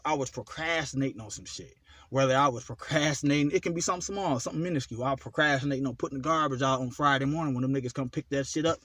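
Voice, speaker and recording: A man giving a profane self-help monologue about his own flaws, full of rhetorical questions, swinging between loud outbursts and low mutters. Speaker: occult vlogger.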